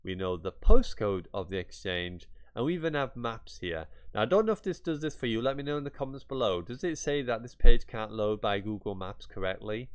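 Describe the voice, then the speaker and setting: Chatty man with a lowish voice. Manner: chatty, rambling, mock-exasperated asides. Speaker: YouTuber. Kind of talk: screen-share tutorial.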